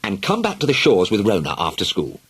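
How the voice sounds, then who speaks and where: A man voicing a brisk, bossy mother who scolds her daughter sharply and sarcastically. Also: lowish voice, wildly swooping pitch, a bit bright, husky, heavily acted. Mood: brisk, scolding.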